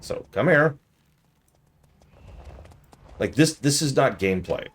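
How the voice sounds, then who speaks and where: A man's voice: medium pitch, animated, slow, breathy edge. A man streaming a game review in casual commentary, easily exasperated and ranting at the game while chatting with viewers.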